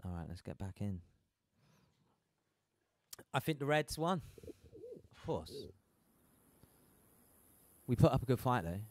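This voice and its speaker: A man giving casual, excitable commentary while playing a game with friends, laughing and exclaiming often. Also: medium pitch, takes it slowly, long pauses. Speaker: gaming streamer.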